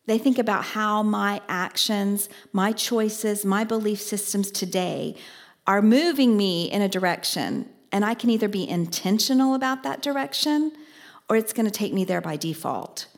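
Gravelly-voiced woman telling stories. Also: medium pitch, moderate pace. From Oklahoma. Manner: storytelling, acts out dialogue with lively asides. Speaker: business life coach. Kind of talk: motivational talk with personal stories.

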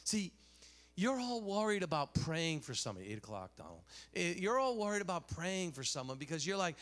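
Animated preacher, lively high-pitched voice. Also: male voice, a little fast. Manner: animated, swings between loud and hushed, many restarts. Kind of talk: sermon with personal stories.

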